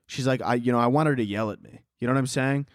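Young adult man, podcast host, rambling profane comedy rant, mid-pitched voice, dry close sound. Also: fast talker, dry recording. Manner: rambling, profane, laughs at own jokes. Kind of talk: casual comedic monologue.

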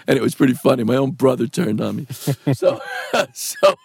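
A man's voice: mid-range voice, fairly even intonation, moderate pace, vocal fry, darkish tone, breathy edge, no room sound, studio quality. A man, an actor being interviewed, telling a long rambling story with swearing and frequent laughter. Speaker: actor guest.

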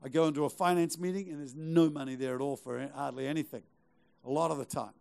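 A man's voice: on the high side, fairly even intonation, quick pace, gravelly, darkish tone, clear, resonant tone. A middle-aged male pastor preaching a sermon, urging the congregation on with rhetorical questions and repeated phrases. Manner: emphatic, exhorting with rhetorical questions and repetition.

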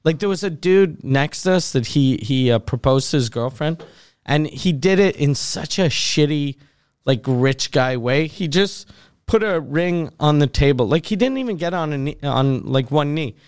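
A man's voice: fairly high pitch, lively intonation, moderate pace, darkish tone, clear, resonant tone, no room sound, studio quality. Rambling, crude-talking man. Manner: rambling storyteller, swears often. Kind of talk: casual crude chat.

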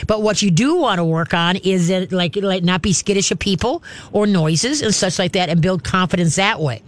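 A woman hosting a call-in pet advice radio show, giving direct, animated advice. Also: lowish voice, normal speed. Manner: direct, animated, acts out cheerful praise voices.

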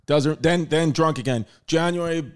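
A man's voice: fairly high pitch, a little fast. A man hosting a casual comedy podcast, laughing as he reads text messages aloud. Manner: laughing while reading texts aloud. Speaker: podcast host.

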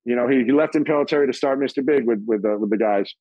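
A middle-aged man telling stories as an interview guest, casual and profane, acting out quoted voices in a higher pitch. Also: fast, dark tone, no echo, lo-fi sound.

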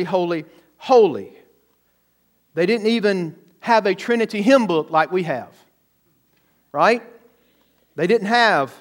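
High-voiced preaching man. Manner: emphatic preaching with rhetorical questions and repetition. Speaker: pastor. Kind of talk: sermon.

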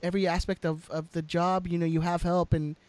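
A man's voice: on the high side, little pitch movement, a little fast, darkish tone. A man co-hosting a casual podcast chat, rambling with repeated words and fillers.

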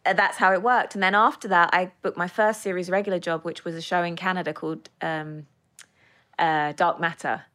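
A woman's voice: fairly low pitch, brisk. A woman in her thirties with a British accent, a guest actress chatting and telling stories in a studio interview. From United Kingdom. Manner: animated, storytelling. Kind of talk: casual interview chat.

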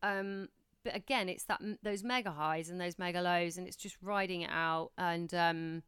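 A woman's voice: on the low side, steady tone, normal speed, fairly bright tone, clear, resonant tone, no room sound, studio quality. A woman in her thirties, a podcast co-host, chatting casually and reflectively about motherhood. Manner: chatty, reflective, many restarts. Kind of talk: casual chat.

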